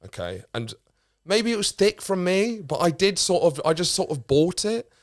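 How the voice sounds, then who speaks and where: A man's voice: high voice, very animated, moderate pace, no echo, clean studio sound. A man, a comedian guest telling a rambling story in casual chat, with many restarts and casual swearing.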